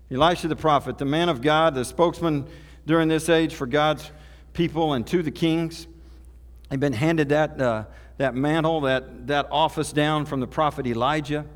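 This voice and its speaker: A man from Oklahoma, preaching a sermon in a folksy, conversational storytelling way. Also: on the high side. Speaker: pastor. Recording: reverberant hall.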